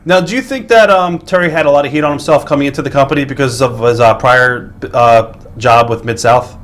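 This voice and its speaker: A man asks an interview guest a steady run of questions at a quick clip. His delivery is brisk and to the point, and he nudges the guest along. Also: mid-range voice.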